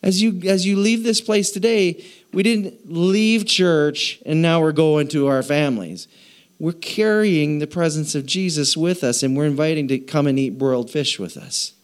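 Guy preaching, kinda high voice, jokey, keeps repeating stuff to get the crowd to answer. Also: normal speed, clear, resonant tone. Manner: playful, repeats phrases to prompt the congregation. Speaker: pastor. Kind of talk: sermon.

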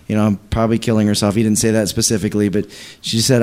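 A man's voice: fairly low pitch, flat delivery, very fast, hardly any pauses, a little mellow, smooth. Man telling a church testimony, rambling, voices the people in the story. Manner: rambling, many restarts, acts out quoted voices. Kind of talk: animated storytelling in a church service.

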